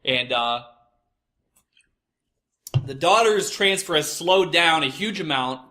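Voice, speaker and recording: A young podcast host tells a crude story about work, exasperated and cursing constantly throughout his profane rant. His voice is a little high, pushed and bright, and expressive, and he takes his time.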